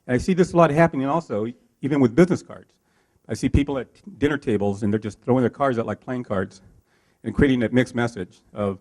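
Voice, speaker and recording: A man's voice: mid-range voice, quick pace. A man teaching a live networking workshop and asking his audience questions as he coaches them. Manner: lively, coaching, asks the room questions. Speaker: workshop trainer.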